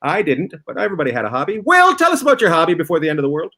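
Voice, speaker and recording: A man hosting a comedy panel game show over a video call, mock-grand and playful, swinging from big announcements to low asides. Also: huge pitch swings, very fast, pushed and bright. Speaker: podcast host running a comedy game show.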